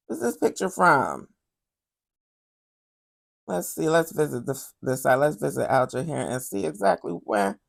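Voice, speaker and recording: A woman hosting a commentary podcast who talks about current events in a sassy, animated way and keeps calling the listener "honey". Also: deep voice, measured pace, creaky, pauses often.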